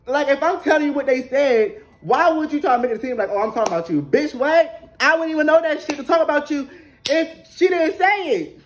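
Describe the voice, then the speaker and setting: A man's voice: very high-pitched, moderate pace. A man in his twenties telling an angry, profane storytime rant to camera, repeating lines for emphasis. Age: 20s. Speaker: vlogger.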